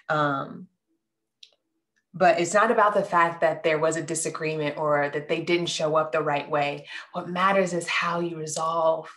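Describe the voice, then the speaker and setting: Woman w a low voice doing a tarot reading, earnest, lots of "right?" and little hums. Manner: earnest, heartfelt, talks straight to viewers with frequent "right?"; soft hums and pauses between thoughts. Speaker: tarot reader. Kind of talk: intuitive tarot reading to viewers.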